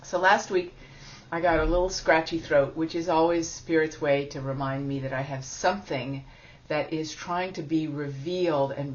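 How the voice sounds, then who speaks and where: A woman giving a spiritual teaching talk in a chatty, self-deprecating way, laughing often. It sounds like a dull lo-fi recording. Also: sits low.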